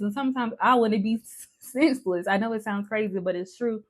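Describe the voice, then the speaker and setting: A woman's voice: on the high side, expressive, quick pace. A young woman chatting candidly to the camera while patting on makeup, swearing casually and using lots of "like.". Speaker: vlogger.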